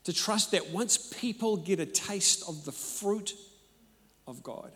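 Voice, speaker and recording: A man preaching a sermon and telling personal stories, animated and emphatic, moving between loud and hushed. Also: sits high, takes it slowly. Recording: echoey hall.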